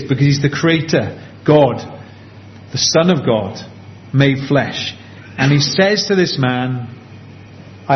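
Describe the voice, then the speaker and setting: A man preaching a sermon in an earnest, conversational way, slowing down on key points. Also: mid-range voice. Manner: earnest, conversational, slows down for emphasis. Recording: dull lo-fi with faint background hiss.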